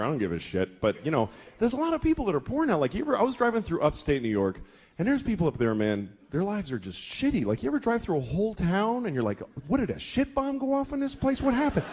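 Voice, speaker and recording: A man's voice: sits high, wildly swooping pitch, fast talker, husky. A middle-aged man performing a profane stand-up routine, exasperated, acting out the voices of the people he quotes. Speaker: stand-up comedian. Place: comedy venue before a laughing audience.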